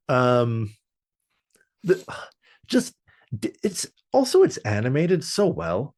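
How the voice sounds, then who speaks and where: A man's voice: mid-range voice, wildly swooping pitch, slow pace, pauses often, darkish tone. A man co-hosting a podcast, chatting casually and rambling through an episode recap with lots of fillers. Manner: rambling with many fillers and restarts. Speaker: podcast co-host. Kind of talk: casual show review chat.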